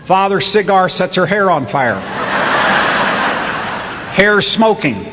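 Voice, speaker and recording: A man in his sixties giving a humorous commencement speech, telling stories with a wry, deadpan manner, recorded in a large ceremony hall. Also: sits high, takes it slowly, very noisy. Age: 60s. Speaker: commencement speaker. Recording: long hall reverb, faint crowd ambience.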